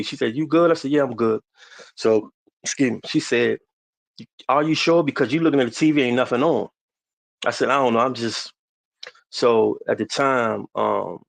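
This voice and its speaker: A man in his forties from the DC area, a podcast guest telling a personal story slowly and haltingly, with many restarts. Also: lowish voice, vocal fry, dry recording. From DMV area, US.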